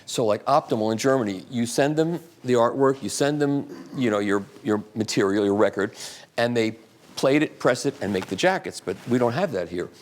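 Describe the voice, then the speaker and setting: Man, mid-pitched voice, rambling casual talk, live audience event. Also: lively intonation, moderate pace. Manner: rambling, chatty, with restarts and asides. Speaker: guest speaker at a live audiophile talk.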